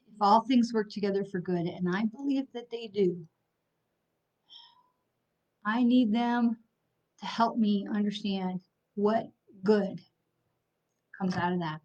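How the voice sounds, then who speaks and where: On slightly dull lo-fi stream audio, a middle-aged woman who works as a psychic medium talks to viewers bluntly and angrily, swearing and then apologizing. Her mid-range, darkish voice moves at a slow pace with long pauses.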